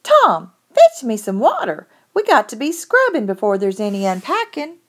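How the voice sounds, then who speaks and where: Woman voicing a kind, brisk frontier stepmother. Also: fairly high pitch, huge pitch swings. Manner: warm homespun and practical.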